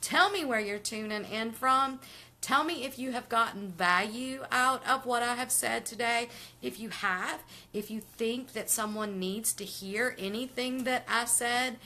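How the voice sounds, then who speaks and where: A woman's voice: fairly high pitch, unhurried, sharp tone. A middle-aged woman talking casually to viewers on a live stream, chatty and upbeat, reading out their comments as she goes. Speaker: vlogger doing a live stream.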